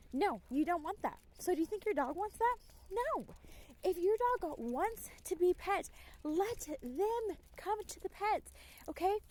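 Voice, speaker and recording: A young woman talks casually to camera with a high, bright-toned voice. She is emphatic and chatty, and she breaks into quick acted asides while giving dog-training advice. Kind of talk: casual talking-head advice.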